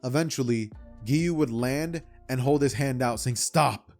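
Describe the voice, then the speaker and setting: A man's voice: mid-range voice, moderate pace. Young guy telling a fan story, chatty and rambling, bit of music behind. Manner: rambling, animated retelling with asides. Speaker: YouTuber. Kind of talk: casual fan-fiction storytelling.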